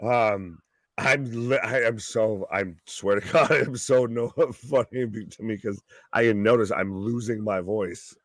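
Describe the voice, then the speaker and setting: A man co-hosting a live wrestling reaction stream, excitable and profane, his voice going hoarse. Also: on the low side, takes it slowly, no echo, clean studio sound. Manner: excitable, profane, calls the action. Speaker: wrestling co-host.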